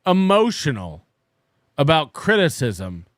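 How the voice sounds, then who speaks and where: Man, derisive online critic, raised, lively pitch, dry sound. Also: slow pace, no room sound. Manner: derisive, mocking.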